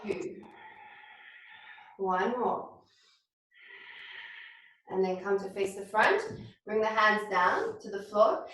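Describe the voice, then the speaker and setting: A woman teaching a beginners yoga class, calmly cueing poses and breathing, somewhat out of breath. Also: mid-range voice, takes it slowly, pauses often, a little hiss or hum. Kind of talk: guided yoga class instruction. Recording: very echoey room, voice from far off.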